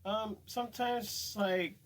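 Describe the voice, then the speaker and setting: A man, a guest paranormal investigator, recounting experiences eagerly with halting restarts. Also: high voice, steady tone. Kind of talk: casual group chat.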